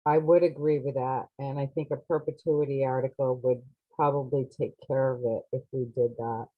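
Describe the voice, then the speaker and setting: Deep-voiced woman explaining matter-of-factly. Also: steady tone, moderate pace, dry recording. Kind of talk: town meeting discussion. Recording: dry close sound, dull lo-fi.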